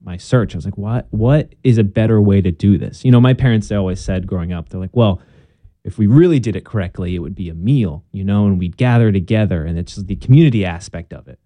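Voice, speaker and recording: A man's voice: fairly low pitch, fast talker, warm tone, dry recording. A young man, a guest in a conversation, telling his story in an earnest, casual way and acting out bits of past dialogue.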